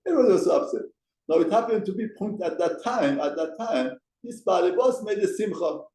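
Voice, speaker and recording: A man teaching a mussar lesson in a study hall, his voice rising and falling with lively swings. He talks with emphasis and poses rhetorical questions. The sound carries a roomy echo from the hall. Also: sits high, a little fast. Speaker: rabbi teaching a Torah class.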